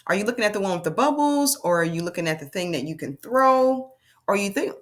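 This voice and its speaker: Woman, children's reading teacher, animated sing-song delivery, slow sounding out, mid pitch. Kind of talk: children's phonics lesson.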